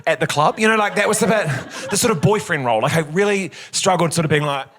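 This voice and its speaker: A man performing stand-up comedy on a theatre stage, telling self-mocking stories in a camp, animated way. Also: high voice, quick pace. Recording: loud audience laughter in a theatre.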